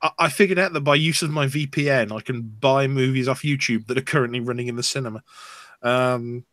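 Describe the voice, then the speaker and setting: A man's voice: medium pitch, brisk, a bit bright, dry recording. A man hosting a podcast, chatting casually and thinking aloud as he talks. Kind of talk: casual chat.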